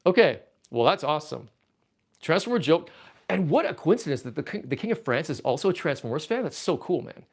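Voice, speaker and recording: A man's voice: fairly high pitch, fairly quick, husky. A man from Canada hosting a casual livestream, reading viewer chat aloud and rambling playfully as he packs up his collection. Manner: rambling, playful, easily excited. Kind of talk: casual livestream chat while packing toys.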